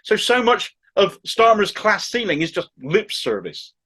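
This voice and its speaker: Middle-aged Cornish man, thick accent, pitched a bit high; opinionated video commentator with mocking, sarcastic asides. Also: sing-song, unhurried, sharp tone. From Cornwall. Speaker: political commentator. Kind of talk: opinionated political commentary to camera.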